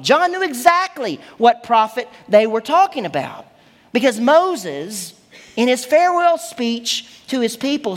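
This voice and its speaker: A woman preaching a sermon, teaching in an emphatic, expressive way. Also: a little high. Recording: long hall reverb.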